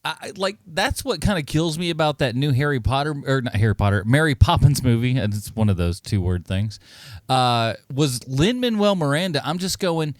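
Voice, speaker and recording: A man's voice: mid-range voice, lively intonation, moderate pace, dry recording, clean studio sound. A man co-hosting a podcast in casual chat, wry and teasing, sometimes in a mock announcer tone. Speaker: podcast co-host.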